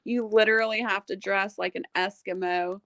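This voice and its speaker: Woman on a livestream, bright voice, dry close sound, laughs a lot while she chats. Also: medium pitch, moderate pace, no echo. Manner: laughs often while telling stories; animated, chatty storytelling. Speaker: livestream host. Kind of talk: casual livestream chat.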